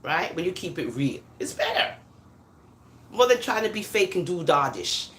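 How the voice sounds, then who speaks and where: A woman born in England and raised in America hosts a live stream, answering comments casually, laughing often, and switching between patois and standard speech. Her voice is lowish with big pitch swings at normal speed and a bit bright. The room is echoey, with a little hiss or hum.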